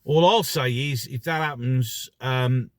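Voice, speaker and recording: A middle-aged man delivers a mocking, ranting commentary with plenty of rhetorical questions. His voice sits at an ordinary pitch and is recorded dry and close. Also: slow, dry recording. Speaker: vlogger.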